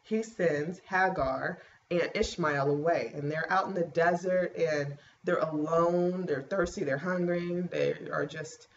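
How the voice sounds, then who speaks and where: A woman's voice: sits low, a little slow, highs cut off. Chatty woman with a scratchy throat. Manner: chatty, rambling, keeps clearing her throat. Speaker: pregnancy vlogger. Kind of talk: casual chat to camera.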